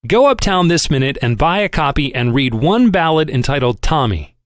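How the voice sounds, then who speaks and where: A man's voice: a little high, big pitch swings, moderate pace, no echo. A man voicing a crusty, shrewd old shipping magnate who barks and chirps by turns, in an audiobook reading. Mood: scolding. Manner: barking, chirpy and teasing by turns.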